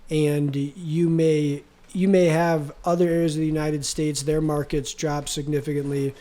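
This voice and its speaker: A man's voice: fairly high pitch, level tone, a little slow, dark tone. A man co-hosting a casual business podcast, talking in a reflective, hesitant way and often repeating words. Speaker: co-host.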